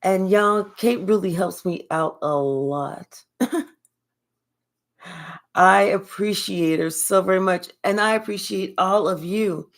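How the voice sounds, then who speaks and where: An older woman hosts a casual live spiritual reading. She speaks slowly and warmly to her viewers and thanks them one by one. Her pace is leisurely and her pitch is mid-range. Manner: slow, relaxed, affectionate, thanks viewers by name. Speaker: spiritual reader hosting a live stream. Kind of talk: casual live-stream chat.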